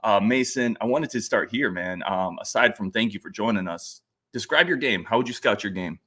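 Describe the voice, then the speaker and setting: A man hosting a podcast, asking casual interview questions in a friendly, brisk way. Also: fairly low pitch, sharp tone, breathy edge. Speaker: podcast host.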